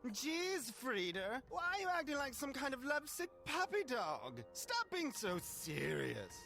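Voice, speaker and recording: A woman's voice: high-pitched, wildly swooping pitch, unhurried, gravelly, a bit bright, exaggerated voice. An actress voicing a cocky, dismissive male cat chairman with a sarcastic, deal-making manner, over faint game music. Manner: sarcastic, dismissive, wheeling-dealing.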